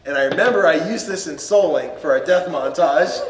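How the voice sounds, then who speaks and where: A man hosts a podcast, with a slightly high voice that recaps a movie in a loose, laughing way. He acts out lines from the story. The sound is distant and roomy, with a faint hiss underneath. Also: brisk, crowd noise. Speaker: podcast host. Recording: echoey room, far from mic, faint noise.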